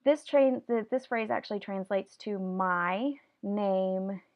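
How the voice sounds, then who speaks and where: A woman's voice: fairly high pitch, normal speed, vocal fry, mellow. A woman teaching a Spanish vocabulary lesson, patiently explaining each word step by step and having students repeat after her. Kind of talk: classroom video lesson.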